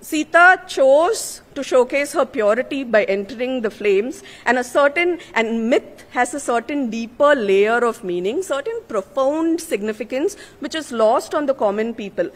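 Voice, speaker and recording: High-voiced woman in a hall. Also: lively intonation, normal speed, hardly any pauses. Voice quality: earnest and emphatic. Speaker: author giving a speech. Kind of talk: formal speech at a literary conference. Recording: long reverb of a large hall.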